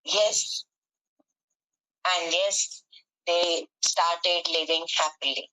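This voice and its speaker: A woman telling a story for English speaking practice, halting with many pauses and restarts. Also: on the low side, fairly even intonation, sharp tone, clean tone, low-quality recording.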